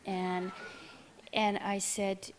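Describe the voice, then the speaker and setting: A woman's voice: mid-range voice, little pitch movement, very slow, slight background noise. A middle-aged woman giving a speech, telling a personal story to an audience in a candid, self-deprecating way. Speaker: keynote speaker.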